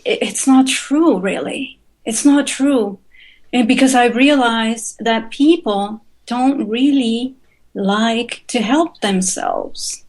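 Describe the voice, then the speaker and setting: A woman, an author and speaker, talking earnestly as a radio interview guest and repeating her key points for emphasis. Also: a little high.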